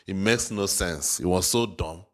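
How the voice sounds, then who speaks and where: Low-voiced guy with a non-native accent chatting over a video, repeats himself a lot. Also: unhurried, fairly bright tone. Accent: non-native English. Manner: chatty, laughing, repeats words. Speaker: reaction video host. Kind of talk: casual reaction commentary.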